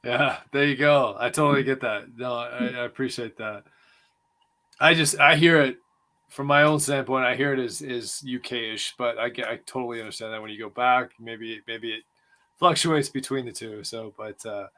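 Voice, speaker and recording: A man's voice: mid-range voice, steady tone, normal speed, pushed and bright. A man hosting a casual podcast interview, asking friendly, rambling questions with lots of restarts. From United States. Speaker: podcast host.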